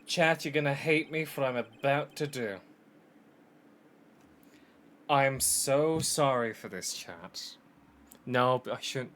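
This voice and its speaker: A man's voice: on the high side, lively intonation, moderate pace, a bit bright. A man streaming a game, commenting in profane, self-mocking asides.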